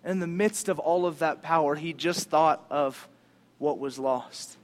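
Male pastor, sermon, casual and animated, fairly high voice. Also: measured pace. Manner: animated, casual and conversational, with slang.

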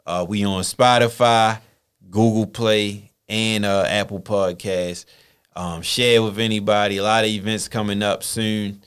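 A man's voice: fairly low pitch, level tone, unhurried, a bit bright, smooth. A young man hosting a podcast in casual, slangy chat, laughing often. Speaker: podcast host.

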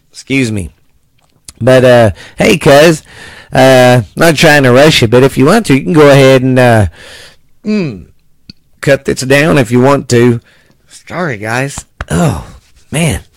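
A man's voice: medium pitch, animated, takes it slowly, vocal fry, long pauses, no room sound. Laid-back male podcast host. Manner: laid-back, rambling, lots of fillers. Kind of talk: casual podcast chat.

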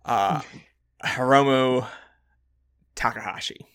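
A man's voice: medium pitch, fairly even intonation, slow, a bit bright, clean tone. A man hosting a casual podcast chat, reading out names and keeping the vote moving. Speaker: podcast host.

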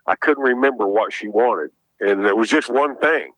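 Bright-voiced older man telling stories. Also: lowish voice, moderate pace, dry recording, poor audio. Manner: chatty, rambling storyteller. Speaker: guest actor. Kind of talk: casual radio interview.

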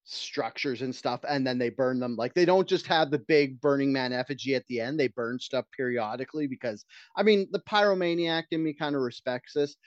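A man's voice: mid-range voice, brisk, dry recording, lo-fi sound. Profane ranting podcast co-host, man. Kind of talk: casual chat.

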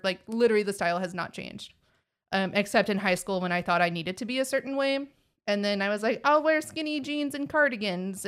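A young adult with a Texan accent, talking casually on a podcast, rambling with many fillers and restarts. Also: female voice, mid-range voice, clear, resonant tone. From Texas.

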